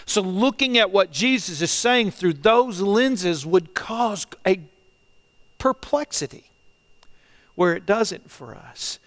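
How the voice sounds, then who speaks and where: A middle-aged man preaching a sermon as pastor, earnest and halting, often repeating phrases and swinging between loud and hushed delivery. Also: high-pitched, expressive. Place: church, online service.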